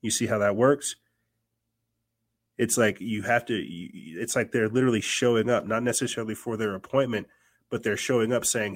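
A man from the United States hosts a podcast of casual political commentary. His voice sits rather low, and he rambles, circling back and repeating words with plenty of fillers. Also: normal speed. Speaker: podcast host.

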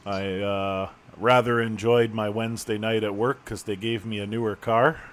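A man's voice: on the low side, flat delivery, normal speed. A man co-hosting a podcast, laid back, laughing along and cracking dry jokes. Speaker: podcast co-host. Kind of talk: casual chat.

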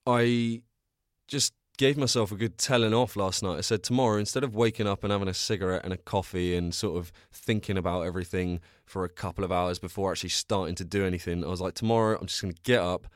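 A young Englishman hosts a solo podcast, chatting casually and rambling in a self-deprecating way, telling stories with bursts of energy. He talks fast in a low, steady voice, recorded at studio quality with no echo.

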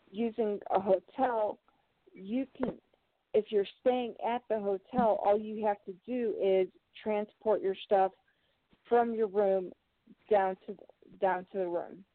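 A woman's voice: mid-range voice, no room sound. A woman co-hosting a casual chat, explaining things hesitantly with fillers. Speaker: co-host. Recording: tinny phone-like line.

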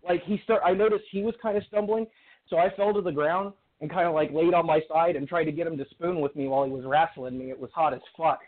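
A man's voice: a little high, steady tone, fast talker. A man calling in, telling a story in a rambling, profane way with lots of restarts. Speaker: caller. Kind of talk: casual storytelling. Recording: tinny phone line.

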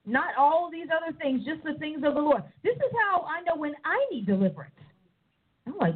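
A woman with a high voice preaches a sermon, lively and expressive. She acts out the voices of people she talks about. The sound is thin and tinny, like a phone line. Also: a little fast. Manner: animated, mimics people in voices.

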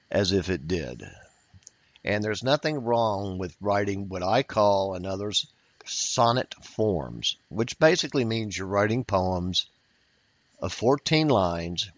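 Man, lower voice, unhurried workshop leader, dull dry lo-fi recording. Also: dry recording. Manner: patient, explanatory, with fillers and repetitions. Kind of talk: workshop lecture.

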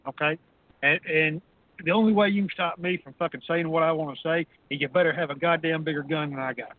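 A man's voice: a little high, steady tone, fast talker, dry recording. A man in his fifties on a call-in show, ranting crudely and combatively, with "okay" tacked onto nearly every line. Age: 50s. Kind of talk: profane ranting talk radio. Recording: phone-line audio.

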